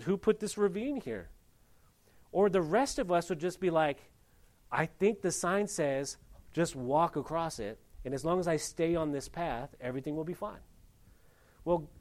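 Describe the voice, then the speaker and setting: A man preaching a sermon with a slightly raised pitch. His delivery is animated and folksy. He keeps moving between loud, emphatic rises and low, quiet asides. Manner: plain-spoken, folksy.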